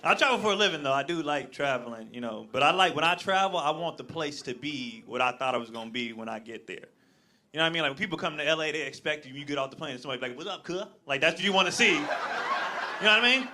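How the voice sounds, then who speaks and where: A man performing a live stand-up set on a comedy club stage, telling stories loudly and acting out voices into a handheld mic. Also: fairly high pitch, quick pace. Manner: loud, animated storytelling with acted-out voices. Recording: live club crowd and noise.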